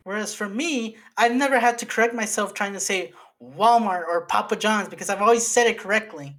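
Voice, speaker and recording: A man trades defensive, exasperated lines in a loose podcast chat. His voice sits fairly high for a man, and he swears freely when he is pushed. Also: brisk, a bit bright. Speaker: podcast co-host. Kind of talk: casual podcast banter.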